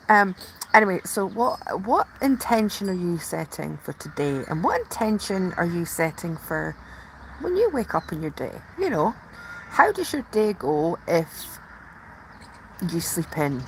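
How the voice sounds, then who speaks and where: A woman hosting a casual live stream, chatting and gushing, sometimes dropping into excited whispers. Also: medium pitch, normal speed, slight background noise, poor audio. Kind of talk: casual live chat from the tub.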